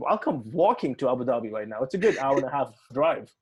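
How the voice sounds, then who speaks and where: Animated man telling a story. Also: mid-range voice, fast, few pauses, husky. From United Arab Emirates. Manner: animated, swearing, acts out quoted dialogue. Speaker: musician guest. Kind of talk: casual interview storytelling.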